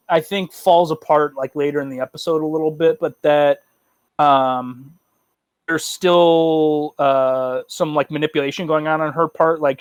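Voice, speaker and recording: Swearing, rambling podcast co-host. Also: male voice, on the high side, smooth, no room sound. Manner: loose, profane, rambling with fillers. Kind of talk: casual chat.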